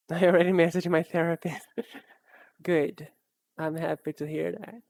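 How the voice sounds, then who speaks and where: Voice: medium pitch, little pitch movement, unhurried, vocal fry, darkish tone, no room sound. An art streamer in casual live-stream chat, rambling and self-deprecating, often laughing and restarting sentences.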